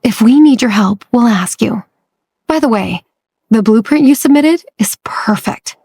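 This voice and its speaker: A businesslike female executive who answers in a dry, sarcastic way, read by a woman narrator. Her voice is mellow and breathy. She is a figure in a romance audiobook. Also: fairly high pitch, animated, a little slow, exaggerated voice. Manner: sarcastic, matter-of-fact.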